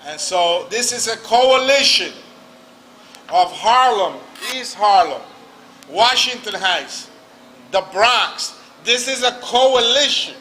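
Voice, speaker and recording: A man's voice: high-pitched, lively intonation, slow pace, bright, forceful tone, poor audio. A man emceeing an outdoor political rally, joking and introducing speakers in English and Spanish. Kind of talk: rally speech. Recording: outdoor rally with crowd and street noise.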